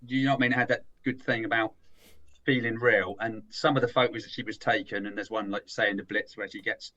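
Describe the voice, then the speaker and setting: A man's voice: fairly low pitch, steady tone, fast, pushed and bright. Rambling, teasing man on dull lo-fi audio. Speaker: podcast co-host. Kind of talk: casual film review chat.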